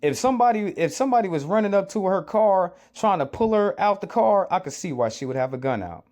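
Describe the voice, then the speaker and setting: Man from the US, high voice, urgent sermon-like commentary, hammers the same point over and over. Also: animated, brisk, a little mellow. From United States. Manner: urgent, lecturing, repeats himself. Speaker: commentator reacting to a clip. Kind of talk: preachy social commentary.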